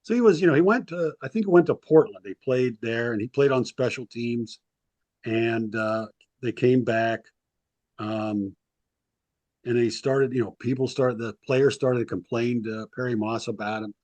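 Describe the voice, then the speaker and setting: Guest historian, male, casual storyteller, filler-heavy, acts out quotes; average pitch, dead-dry recording. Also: moderate pace, darkish tone, no room sound, muffled recording. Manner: rambling anecdotes with frequent ums, acts out quotes. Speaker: sports historian and author, guest.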